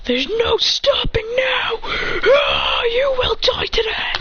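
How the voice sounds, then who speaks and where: A woman voicing a cold, boastful male fighter with high shouted battle cries and hissed threats. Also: very animated, measured pace. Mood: menacing. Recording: muffled and noisy.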